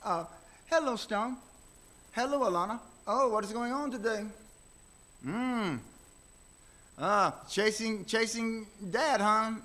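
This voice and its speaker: A man voicing a kindly older German country doctor with a German accent, chatting cheerfully to hurt children to calm them. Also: high voice, slow, long pauses, voice pushed up, exaggerated voice, rough recording. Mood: gentle, coaxing. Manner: cheerful, coaxing bedside chatter to small children.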